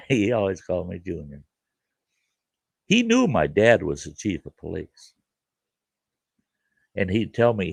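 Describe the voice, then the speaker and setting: A man's voice: low-pitched, big pitch swings, measured pace, creaky, long pauses, husky, dry recording, studio quality. A middle-aged man hosting a show and telling a rambling childhood story in a folksy, casual way. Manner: folksy, rambling, with fillers like "you know". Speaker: host and storyteller.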